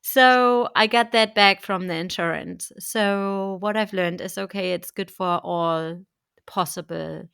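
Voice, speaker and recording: A woman's voice: mid-range voice, slow pace, creaky, fairly bright tone, smooth, dry recording, studio quality. A woman with a German accent hosting a podcast interview in a chatty, friendly way. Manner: chatty, thanking, laughs easily. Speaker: podcast host. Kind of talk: casual interview chat.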